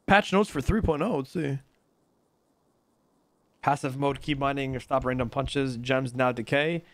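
A man's voice: mid-range voice, a little slow, no echo. A man streaming a role-play game, chatting loosely and reading notes aloud in an offhand, joking way. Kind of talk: casual stream chat.

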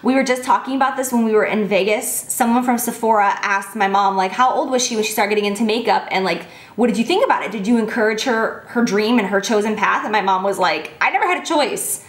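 A woman's voice: mid-range voice, fast, hardly any pauses, roomy sound. A woman in her twenties chatting casually and gushing as she answers fan questions, filling her talk with "like". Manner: gushing, bubbly, heavy use of "like". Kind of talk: casual chat.

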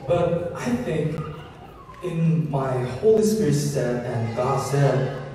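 A man from Korea with a Korean accent, a gospel singer, giving a slow, halting, earnest testimony in English. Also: mid-range voice. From South Korea. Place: large church sanctuary before a congregation. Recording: echoey church hall, distant mic, loud crowd.

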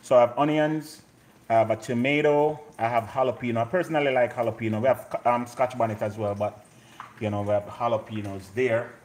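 A man's voice: medium pitch, fairly even intonation, brisk, a little mellow, slight background noise. A man with a Jamaican accent hosting a live cooking show from his home kitchen, chatting and joking as he cooks. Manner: joking, chatty, mixes in patois. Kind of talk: casual live cooking chat.

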